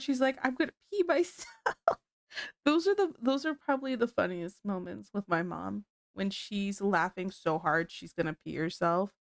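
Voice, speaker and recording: A woman's voice: medium pitch, dry recording, studio quality. Giggly stuffy-nosed young woman streamer. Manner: giggly, laughs often and easily. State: sick with a blocked nose, sniffling. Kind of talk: casual livestream chat.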